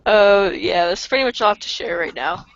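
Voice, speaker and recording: A woman's voice: mid-range voice, fairly quick. A young woman co-hosting a podcast, telling a childhood story in a giggly, self-mocking way with lots of fillers, over a voice call. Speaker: podcast co-host. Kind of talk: casual storytelling chat on a voice call. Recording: dull lo-fi call audio, dry.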